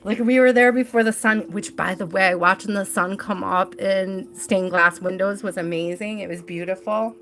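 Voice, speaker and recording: A woman's voice: medium pitch, steady tone, normal speed, hardly any pauses, fairly bright tone. A young adult woman hosting a live tarot stream, telling a personal story in a chatty way, laughing often and filling her talk with "like".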